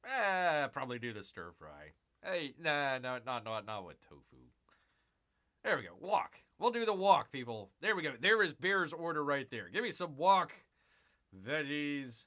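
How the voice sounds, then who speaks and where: A man hosts a casual live stream, rambling chattily to his viewers and referring to himself as Bear. His voice is a little high and sharp in tone, very animated yet a little slow.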